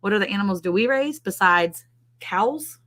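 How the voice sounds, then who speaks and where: A woman's voice: medium pitch, expressive, moderate pace, fairly bright tone. A woman co-hosting a ranch livestream, chatting casually, laughing often and reading out viewers' comments.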